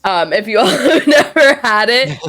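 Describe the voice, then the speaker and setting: A woman's voice: a little high, sing-song, normal speed, fairly bright tone, faint music behind. A woman streamer chatting casually with her viewers, rambling and reacting playfully to chat messages. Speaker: live streamer.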